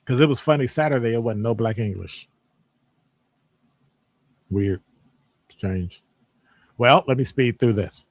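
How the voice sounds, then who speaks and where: Animated Midwestern man hosting a live session. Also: mid-range voice, unhurried, long pauses, no room sound. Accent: Midwestern American. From American Midwest. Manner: animated, jokey, teasing the audience. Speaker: presenter reading audience answers. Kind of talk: live-streamed lecture with chat.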